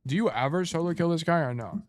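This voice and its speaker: A man's voice: fairly high pitch, animated, fast. A man giving casual live-stream coaching on a game replay, thinking aloud in a laid-back, slightly sleepy way and often trailing off to correct himself.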